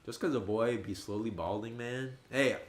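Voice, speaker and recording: An animated young man in his twenties, talking casually as he streams a game. His voice sits at an ordinary middle pitch, and he leaps up high and loud whenever he quotes his friends. The room gives the sound a roomy echo. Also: moderate pace, a little hiss or hum. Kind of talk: casual livestream chat.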